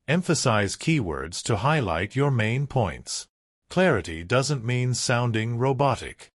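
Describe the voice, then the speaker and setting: This male audiobook narrator reads a script in a lively, medium-pitched voice. The recording is clean studio sound with no room noise.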